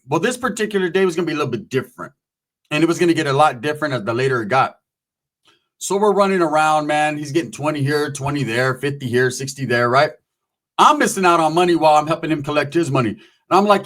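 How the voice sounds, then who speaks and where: A man's voice: a little high, animated, fast, fairly bright tone. A man casually telling a long, profane story, acting out the voices of the people in it. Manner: profane, rambling, acts out voices.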